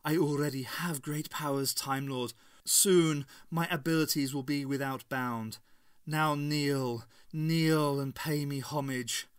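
Man doing a cruel possessed woman ruler, raised and sneering, loud and exultant, storybook villainess, dry close sound. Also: on the high side, steady tone, takes it slowly, clear, resonant tone, no echo. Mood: scornful.

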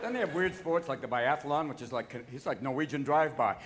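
A man performs manic, profane stand-up comedy on a theater stage, shifting rapidly between voices. His voice is medium in pitch. The live theater recording has heavy background noise and audience laughter.

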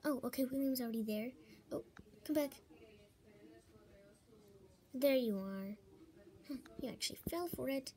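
High-voiced young woman whispering gameplay commentary. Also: unhurried, pauses often. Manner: swings between whispering and loud frightened outbursts. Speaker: gamer. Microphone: tablet microphone held close.

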